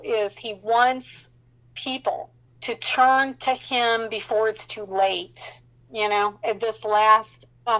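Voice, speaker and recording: Animated woman sharing faith testimonies. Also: on the high side, rough recording. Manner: animated, emphatic, laughs often while talking; addresses listener directly with "okay?" and "you know".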